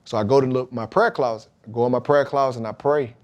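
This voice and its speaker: A man, a pro football player, talking as a podcast guest, telling his story about faith and football in a lively, emphatic way. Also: medium pitch, fast talker. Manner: emphatic, animated retelling with acted-out quotes.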